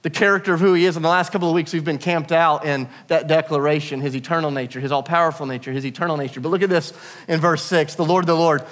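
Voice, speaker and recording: High-voiced energetic male pastor. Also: quick pace. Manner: energetic, humorous, calls out to the congregation. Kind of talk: sermon.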